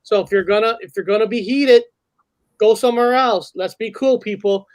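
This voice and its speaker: A man's voice: high voice, normal speed. A man hosting a livestream, firmly addressing his chat. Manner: firm, addressing the chat directly. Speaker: host.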